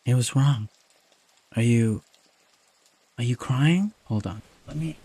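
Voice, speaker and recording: Soft gravelly man, whispered role-play. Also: medium pitch, no room sound. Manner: soft, tender and comforting, as a caring boyfriend. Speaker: ASMR creator.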